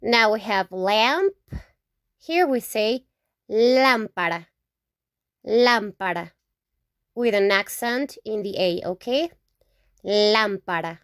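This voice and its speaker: In a clean, dry studio recording, a woman with a fairly high, lively voice teaches slowly. A Spanish teacher whose first language is Spanish, she leads an alphabet lesson, patiently repeating every example word several times and asking "okay?" to check understanding.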